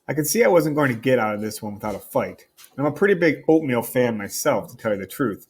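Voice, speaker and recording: A man reading a novel aloud to a class as their teacher, in a wry, conversational storytelling manner with a husky voice. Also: medium pitch, lively intonation, quick pace, hardly any pauses, a little mellow.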